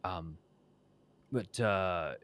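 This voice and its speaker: A man's voice: low-pitched, a bit bright, exaggerated voice. A man voicing a flustered male orc town official who speaks formally and keeps stumbling over his words. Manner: halting, formal, full of restarts.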